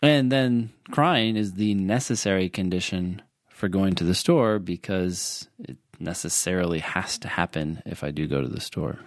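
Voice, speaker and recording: A man's voice: low-pitched, normal speed, no echo, studio quality. A man tutoring for the LSAT in a casual chat, patiently explaining logic with everyday examples and repeating key points.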